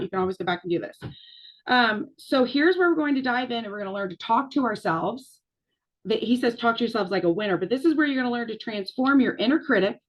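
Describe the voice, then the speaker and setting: Chatty woman coach, muffled audio. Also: medium pitch. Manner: chatty, many fillers and restarts. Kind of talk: casual coaching talk.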